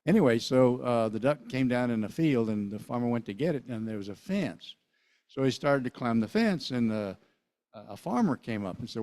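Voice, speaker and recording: A man's voice: medium pitch, a little fast, a little mellow. An older man telling a folksy joke at a club meeting, rambling with fillers and restarts, in a museum meeting hall. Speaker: club member leading song and pledge.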